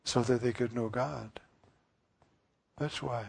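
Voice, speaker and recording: Slow, gravelly, husky male preacher. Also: medium pitch, steady tone, darkish tone. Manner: earnest, musing, with frequent fillers. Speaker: priest. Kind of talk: sermon.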